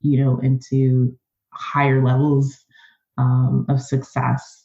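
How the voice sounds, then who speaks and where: A woman being interviewed on a podcast who talks in an earnest, animated, conversational way. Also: very deep voice, takes it slowly, gravelly, roomy sound, dull audio, faint music behind. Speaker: podcast guest.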